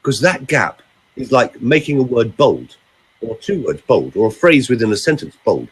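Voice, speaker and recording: A man's voice: medium pitch, normal speed, slightly rough. Brit vocal coach guy, swoops up and down a lot, emphatic podcast chat. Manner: demonstrates delivery, lively and emphatic.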